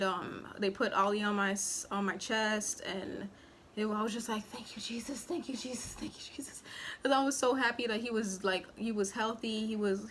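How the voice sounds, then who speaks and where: A woman's voice: medium pitch, a bit bright, a little hiss or hum. A young woman in casual storytime talk, rambling and full of fillers, acting out what people said as she tells it. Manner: chatty, rambling, filler-heavy, acts out quotes. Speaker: vlogger and new mother. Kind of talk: casual storytime while eating.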